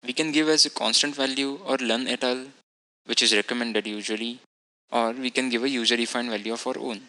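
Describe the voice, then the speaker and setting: Bright-voiced man giving a technical lecture. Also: mid-range voice, fairly even intonation, fairly quick, poor audio. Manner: methodical, explanatory, self-correcting. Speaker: instructor.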